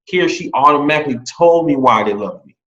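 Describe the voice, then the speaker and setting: A man who was just hired as a teacher, telling a lively story in a casual interview and acting out what other people said. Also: fairly high pitch, fast. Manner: animated, quotes others in lively re-enactments. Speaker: new teacher hire. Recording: dull lo-fi sound.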